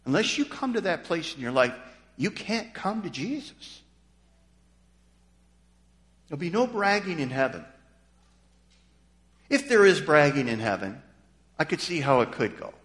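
A man with a high-pitched voice preaches a sermon to his congregation. His delivery is emphatic, dipping soft and low before climbing to loud, stressed declarations. The room has a long, ringing reverb. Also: very animated, moderate pace, long pauses. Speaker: pastor.

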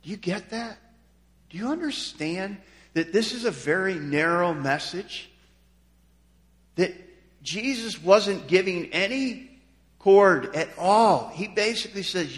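A male pastor preaching a sermon, swinging from quiet, low passages to loud, emphatic declarations. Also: animated, a little slow. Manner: emphatic preaching, voice dropping soft then rising loud. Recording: long hall reverb.

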